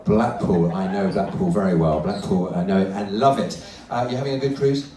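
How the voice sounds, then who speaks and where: A man's voice: low-pitched, normal speed, mellow. A man ventriloquist comedian doing teasing, chatty crowd work live on stage with audience volunteers. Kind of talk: live stand-up with audience participation. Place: large cruise ship theatre stage. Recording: echoey theatre, distant mic, audience crowd.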